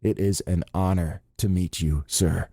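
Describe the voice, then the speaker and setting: Polite earnest young male pilot hero, deep mellow tone, as a male narrator reads him. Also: fairly even intonation, a little slow, vocal fry, dry recording, clean studio sound, exaggerated voice.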